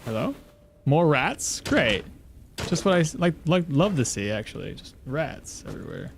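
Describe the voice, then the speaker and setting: Animated man streaming a game. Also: fairly high pitch, moderate pace, a little hiss or hum. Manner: chatty, thinks aloud and answers chat. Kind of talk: live gameplay commentary.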